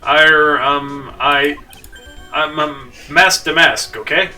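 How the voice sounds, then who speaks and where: A man's voice: on the high side, steady tone, slow, bright, forceful tone, far from the mic, soft background music, heavily acted. A man voicing a timid, gangly male crybaby thief who stammers and keeps backpedaling. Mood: nervous.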